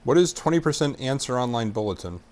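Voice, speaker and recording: A man hosting a casual talk show, trading jokes and teasing remarks with his co-host. His voice sits at an ordinary middle pitch for a man. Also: lively intonation, fast talker, darkish tone. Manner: joking, teasing banter. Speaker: podcast host. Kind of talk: casual chat.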